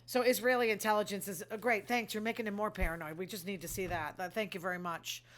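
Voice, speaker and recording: A woman's voice: medium pitch, steady tone, a bit bright. A woman hosting her own show, reacting to news stories with casual, sarcastic commentary and frequent sighs; she calls herself emotional. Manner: sarcastic, quick to react and complain; sighs often between stories.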